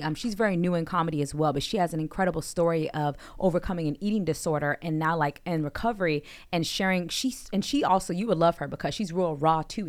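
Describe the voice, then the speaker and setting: A woman hosting a comedy podcast, telling stories in an enthusiastic, chatty way. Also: sits low. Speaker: podcast host. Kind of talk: casual chat.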